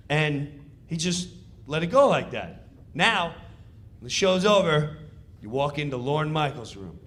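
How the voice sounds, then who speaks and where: A man telling an animated comedic backstage story, acting out the scene as he goes. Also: a little high, measured pace, pauses often.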